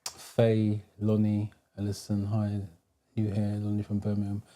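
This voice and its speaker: Dark-voiced British man hosting a live stream. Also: on the low side, completely flat delivery, unhurried. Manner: reads out viewer comments and greets them by name. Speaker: driving theory instructor.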